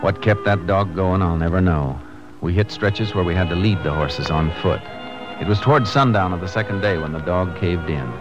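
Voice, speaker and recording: An actor playing a calm, resourceful tracker who narrates in an old radio drama. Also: male voice, sits low, normal speed, lo-fi sound, music in the background, lightly acted. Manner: calm, even narration; clipped commands. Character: steady, resourceful adult male tracker. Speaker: narrator and lead detective. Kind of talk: 1950s radio drama acting.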